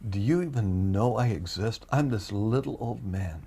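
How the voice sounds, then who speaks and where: A man voicing a humble, frail old village man who prays in a quiet, pleading voice. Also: on the low side, normal speed, creaky, slightly rough.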